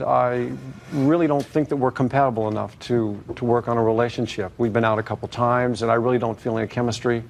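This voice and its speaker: A man's voice: medium pitch, gravelly, a little hiss or hum. A man giving long, hesitant testimony as a plaintiff in a TV courtroom, full of fillers and restarts.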